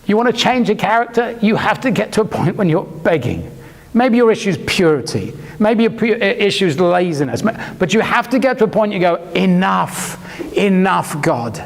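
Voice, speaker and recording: Man preaching, high voice, very lively pitch, animated storytelling, hall reverb. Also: a little fast, slight background noise. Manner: animated storytelling, acts out quoted lines. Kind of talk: sermon.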